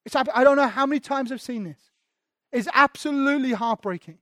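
A man's voice: extremely high pitch, brisk, fairly bright tone, dry recording, clean studio sound. A man preaching a sermon as pastor, candid and self-deprecating, often restarting his sentences.

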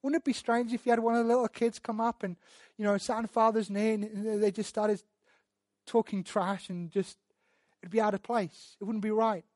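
A man preaching a sermon and teaching through Bible verses, speaking earnestly, often repeating words as he restarts, and building to loud emphatic passages. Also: sits high, little pitch movement, moderate pace, no echo. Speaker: pastor.

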